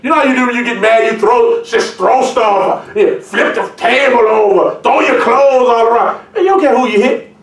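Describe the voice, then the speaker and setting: A man preaching a sermon as pastor, reading scripture aloud and breaking into jokes and lively asides. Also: very high voice, normal speed, far from the mic. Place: church. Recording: echoey room, mic from afar.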